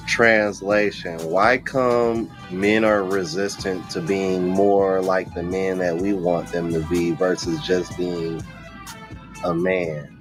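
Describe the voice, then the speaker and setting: A man's voice: deep voice, flat delivery, takes it slowly, music in the background. A man hosting a stream, giving blunt, slangy commentary on clips he plays. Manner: blunt, slangy, laughs along. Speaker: stream host reacting to clips. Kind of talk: casual reaction commentary. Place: home office.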